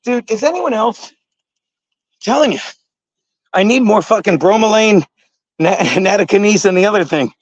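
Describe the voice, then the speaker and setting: A man's voice: sits high, animated, normal speed, pauses often, dry recording. A middle-aged man chatting casually on a livestream to his viewers, rambling and swearing often and laughing at his own jokes. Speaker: comedian livestream host. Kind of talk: casual chat to a live chat while jump roping. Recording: dry, dull lo-fi sound.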